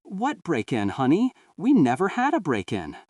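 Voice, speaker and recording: A gentle middle-aged mother with a patient, pitying softness in every word, as a male storyteller puts her on. Her voice climbs high and swings in lively arcs. The sound is dry and set back from the mic. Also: normal speed, no echo, recorded from a distance. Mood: patiently pitying. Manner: soft, coaxing and pitying.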